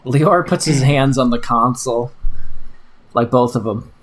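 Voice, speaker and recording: A man's voice: medium pitch, unhurried, a little hiss or hum. A man narrating the action as game master of a tabletop role-play, casual and full of fillers.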